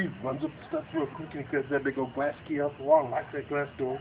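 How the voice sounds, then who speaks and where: A man spins a spooky campfire tale for his family, his voice climbing and dropping as he acts out frightened cries. His voice is pitched a little high. It comes through a tinny, phone-like home video with loud noise from the night outdoors. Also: fast talker. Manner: lively, acts out the characters' panicked lines. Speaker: storyteller among family. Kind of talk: animated spooky campfire storytelling. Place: outdoors at night around a bonfire.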